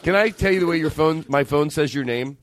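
A man's voice: a little high, fairly quick. A man with a Philadelphia accent hosting a podcast, teasing his guest in playful, casual chat. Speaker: podcast host.

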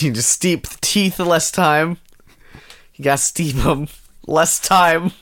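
A man's voice: a little high, a bit bright. A man co-hosting a comedy podcast, telling absurd jokes in casual banter and laughing often.

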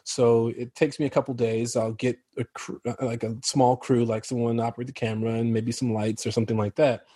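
A man's voice: medium pitch, level tone, fairly quick, warm tone, slightly rough, no room sound, clean studio sound. An American man from Chicago, a guest actor in casual podcast chat, rambling loosely and laughing often.

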